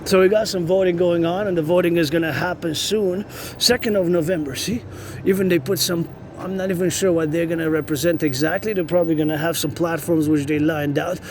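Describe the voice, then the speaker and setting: A man's voice: a little high, steady tone, fairly quick, darkish tone. A man vlogging while he walks city streets, rambling and repeating himself as he thinks aloud. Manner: rambling, repetitive, thinks aloud, chants cadences. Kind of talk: rambling walking vlog. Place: city streets outdoors with traffic. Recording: street noise behind.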